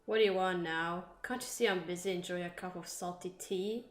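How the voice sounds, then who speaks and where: A woman voicing a gruff, impatient female horse owner, curt and scornful. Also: on the low side, fairly even intonation, brisk, reverberant, close to an everyday voice.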